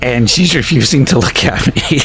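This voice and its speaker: A man's voice: mid-range voice, expressive, moderate pace, fairly bright tone, soft background music. A male streamer chatting casually, telling a home anecdote with restarts and chuckles. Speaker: game streamer. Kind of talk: casual chat.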